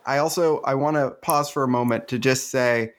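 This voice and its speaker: A man's voice: medium pitch, steady tone, moderate pace. A man hosting a casual chat, playful and laughing often, riffing on the guest's story. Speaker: podcast host.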